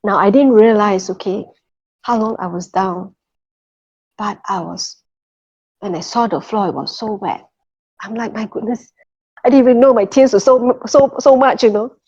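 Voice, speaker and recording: This muffled lo-fi clip features a middle-aged woman telling her faith testimony at normal speed in a darkish mid-range voice, with long pauses. She's earnest, repeatedly says "okay" and "you know," and checks in with her audience.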